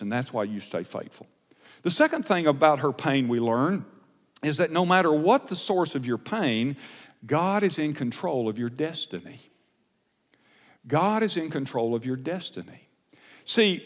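A man pastor preaching a sermon, earnest and emphatic, recorded in a large church sanctuary. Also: medium pitch. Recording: long church hall reverb.

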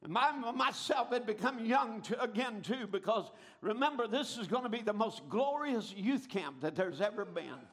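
A man preaching with a strikingly high voice. He tells his story dramatically, building up and bursting into shouts at the peaks. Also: lively intonation, normal speed, hardly any pauses. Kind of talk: sermon.

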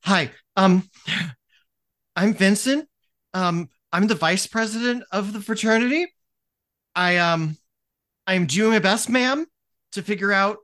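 A man's voice: high voice, takes it slowly, pauses often, fairly bright tone, voice pushed up. A man voicing a meek, nervous young male fraternity vice president who stammers and apologizes, in a tabletop game.

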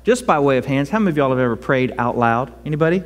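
Pastor guy giving a sermon, talks like a chat then cries out loud, big echoey church. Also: medium pitch, fast talker. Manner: animated, conversational preaching with sudden loud cries. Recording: long hall reverb.

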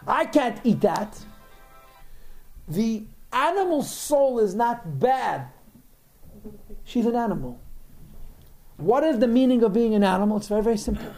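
A man's voice: sits high, animated, moderate pace, dark tone, soft background music. A man teaching a religious text, explaining in a digressive way with frequent repeated words. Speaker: Torah teacher.

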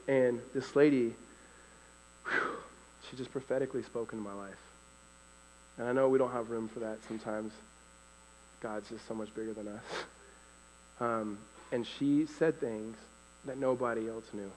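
A man from California telling a live faith testimony, animated and often laughing as he acts out voices. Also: mid-range voice, moderate pace, pauses often, in a large hall, a little hiss or hum, rough recording. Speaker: storyteller giving a faith testimony.

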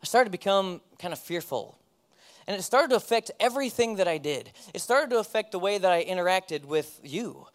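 A man's voice: high-pitched, expressive, fairly quick. A man in his thirties, a pastor, giving a candid personal testimony in a sermon, self-deprecating and often laughing at himself.

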